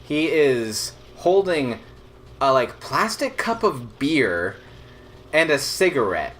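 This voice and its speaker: Bright-voiced young man telling a story. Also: mid-range voice, sing-song, slow pace. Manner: rambling, filler-heavy, laughs through the tale. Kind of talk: casual chat, telling a personal story.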